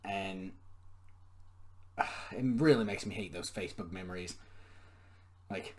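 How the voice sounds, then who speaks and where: A man's voice: deep voice, a little slow, darkish tone. Profane young man ranting a story. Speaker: podcast storyteller. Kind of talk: casual storytelling monologue.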